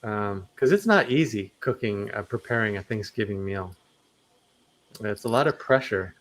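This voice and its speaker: A man's voice: lowish voice, animated, normal speed, fairly bright tone. A man hosting a livestream, reading chat comments aloud with easy laughter.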